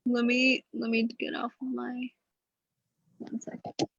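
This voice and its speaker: A woman co-hosting a video call, sorting out the slides and the audio in a quick, practical way. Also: on the high side, monotone, gravelly, fairly bright tone, dull audio, a little hiss or hum. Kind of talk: casual chat about tech setup.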